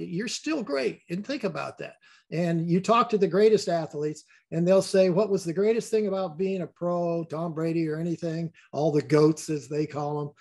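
A man's voice: high-pitched, creaky, a little mellow. An older man talking as a guest in a casual interview, rambling and repeating words as he tells stories.

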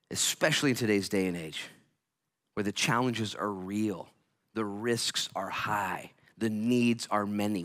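A male pastor preaching a sermon, swinging from hushed lines to loud, energetic outbursts and acting out voices. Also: lowish voice. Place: church.

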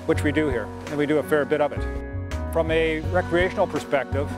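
A man speaking as a military base spokesperson in an interview clip, measured and official. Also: on the high side, music in the background. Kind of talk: interview soundbite.

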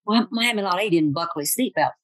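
An older woman with a warm Southern accent tells motivational stories in a folksy, joking way, acting out the voices of the people she quotes. She is recorded close and dry, with no room sound. Her pitch sits in the middle for a woman. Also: expressive, fast talker, no echo, poor audio. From Tennessee, US. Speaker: motivational speaker. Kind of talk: storytelling motivational talk.

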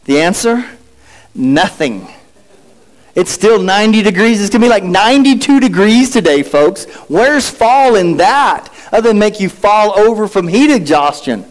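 A man's voice: very high voice, expressive, moderate pace, low-quality recording. A middle-aged male pastor preaching a sermon with rhetorical questions and playful asides.

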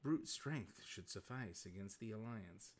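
Brief: erudite, furry blue mutant brute with lofty diction and a low voice, read aloud by a man. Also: expressive, measured pace. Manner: grandiloquent, formal diction.

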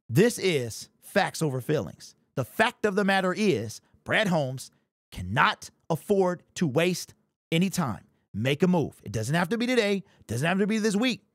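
A man's voice: on the high side, dry recording, clean studio sound. A man hosting a fan commentary channel, talking in an amped, emphatic way and repeating his points. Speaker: sports channel host.

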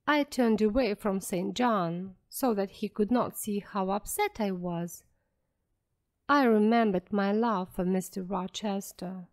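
Slow clear woman reading a story. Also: mid-range voice, a little mellow. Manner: clear, careful and deliberate. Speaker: audiobook narrator. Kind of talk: slow graded-reader narration for learners.

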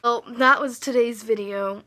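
A woman's voice: on the high side, fairly even intonation, unhurried, sharp tone. A woman making a casual, goofy home video, giggly and bossy with her sibling. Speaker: vlogger. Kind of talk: casual chat.

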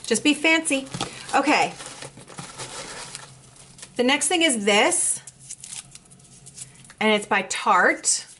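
Gushing young woman with a lively voice. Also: high-pitched, drawn-out words, long pauses, slight background noise. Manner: gushing, excitable. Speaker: beauty vlogger. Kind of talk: casual unboxing chat.

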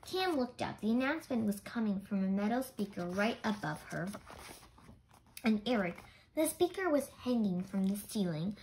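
A woman reading a children's chapter book aloud in an expressive storytelling manner. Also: medium pitch, moderate pace, rough recording. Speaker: storybook reader.

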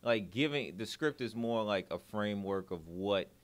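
Brief: podcast host, a man with a low but lively voice, loose and rambling. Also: moderate pace. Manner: loose, rambling questions with many fillers. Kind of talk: casual podcast chat.

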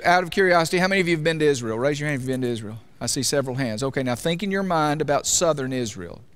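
A male pastor preaching to his congregation in a church sanctuary. His voice sits a little higher than most men's, and he speaks in a loose, conversational way, often stopping to ask the listeners questions. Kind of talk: sermon.

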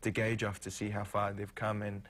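A man with a New Zealand accent, an actor guesting on a TV morning show, talking in a halting way with many ums and restarts. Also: on the low side, completely flat delivery, fairly bright tone. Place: TV studio.

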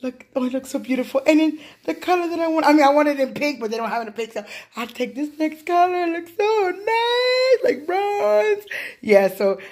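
Excited woman vlogging in an echoey room. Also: high-pitched, quick pace, hardly any pauses. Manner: rambling, repetitive and emphatic, with many fillers; gushing with excitement when showing her purchase. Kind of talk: casual unscripted vlog.

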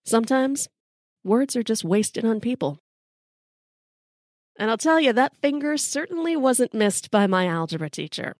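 A woman's voice: medium pitch, dry recording, studio quality. A middle-aged American woman telling a personal story in a wry, casual, sometimes profane way. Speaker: storyteller host.

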